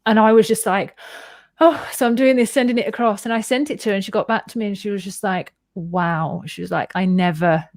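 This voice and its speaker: A woman's voice: fairly high pitch, fast, hardly any pauses, no echo, studio quality. A woman hosting a podcast, telling a personal story in a casual, candid way and acting out the voices she quotes. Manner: animated and candid, swears freely, acts out quoted voices. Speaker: podcast host.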